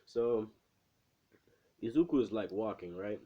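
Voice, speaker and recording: A man's voice: fairly low pitch, lively intonation, unhurried, slightly rough, muffled recording. A young man casually retelling a fan what-if story in a rambling, profane way, with lots of fillers. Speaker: channel host.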